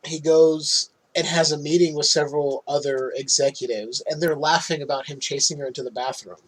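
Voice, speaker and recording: A man's voice: a little high, fairly even intonation, a little fast, low-quality recording. A man hosting a podcast, chatting casually through a movie recap, swearing freely and laughing often. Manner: swears freely, laughs at his own jokes. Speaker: podcast host.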